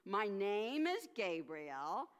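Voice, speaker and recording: A woman voicing a gentle, reassuring angel messenger, speaking slowly and soothingly. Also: mid-range voice, big pitch swings, clean tone. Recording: long church hall reverb.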